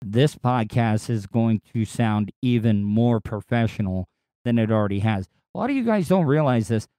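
A man hosting his own podcast in a casual solo monologue, with a distinctive voice that is not deep, talking in a rambling, crude, candid way with frequent restarts. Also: animated, normal speed, dark tone, no echo, clean studio sound. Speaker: podcast host and radio personality.

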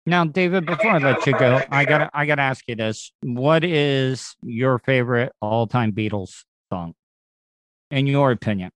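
A man from the States, hosting an interview and asking excitable, stammering questions. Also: medium pitch, normal speed. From United States. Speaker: podcast host. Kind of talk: casual interview.

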